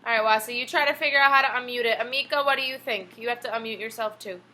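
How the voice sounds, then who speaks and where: A woman's voice: a little high, very fast, bright, forceful tone. A woman elementary teacher leading an online class on a video call, patient and encouraging with young students. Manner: patient, encouraging, asks questions. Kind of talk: online class read-aloud.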